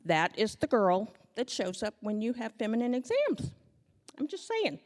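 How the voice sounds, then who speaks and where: Animated woman telling a comic story. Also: a little high, normal speed, big-room sound. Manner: animated, acts out scenes, self-mocking humor. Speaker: speaker telling her own story. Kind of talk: comic personal storytelling to a live audience. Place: stage before an audience.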